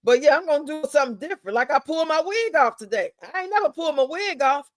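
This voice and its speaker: A woman's voice: sits high, expressive, fast talker, no room sound. A woman hosting a live stream, chatting casually in a blunt, profane, drawling way.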